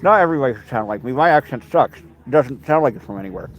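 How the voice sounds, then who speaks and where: A man's voice: medium pitch, lively intonation, fast talker, muffled recording, a little hiss or hum. Chatty man rambling outdoors by a river. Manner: chatty, rambling, talks to his dog in a sing-song. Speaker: livestream host. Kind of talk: casual rambling live chat.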